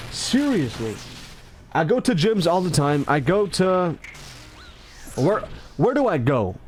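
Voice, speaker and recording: A man rambling in casual commentary, animated and self-mocking. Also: high-pitched, a little hiss or hum. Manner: animated, self-mocking, acts out his own lines. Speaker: gaming commentator.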